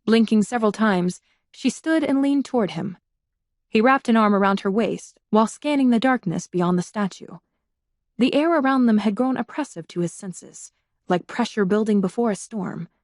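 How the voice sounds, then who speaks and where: A woman narrates an audiobook in a steady, measured reading voice, pitched in the middle range. She is close to the mic, and the recording is dry with no room sound. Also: dry recording. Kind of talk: scripted narration.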